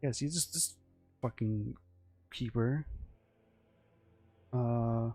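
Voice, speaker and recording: A man's voice: medium pitch, drawn-out words, mellow, faint music behind. A man telling a loose, meandering story about his original characters, full of fillers, restarts and swearing. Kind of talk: casual rambling storytelling.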